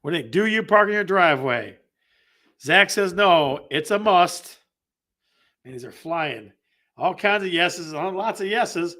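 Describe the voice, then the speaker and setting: A man's voice: high-pitched, lively intonation, unhurried, sharp tone. A man hosting a live real estate stream. He talks in a casual, upbeat way, reads viewer comments aloud and often repeats himself. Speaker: real estate show host.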